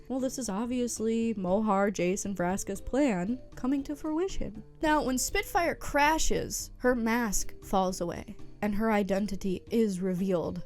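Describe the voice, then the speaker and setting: A woman casually recapping a story in a playful, chatty way, full of giggles and side comments. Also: a little high. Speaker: recap host.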